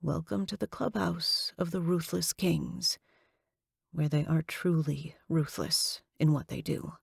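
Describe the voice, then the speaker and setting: A woman voicing a weak, exhausted captive woman whose voice is dry and rough, in an audiobook. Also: deep voice, steady tone, slow, dry recording, full character voice. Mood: weary resigned. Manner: exhausted, resigned. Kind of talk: audiobook dialogue.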